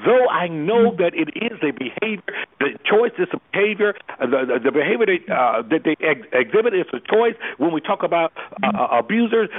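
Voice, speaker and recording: A man who works as an anger management specialist, speaking with preacher-like fervor and throwing out rhetorical questions. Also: high voice. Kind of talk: impassioned talk on a call-in discussion. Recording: tinny phone line.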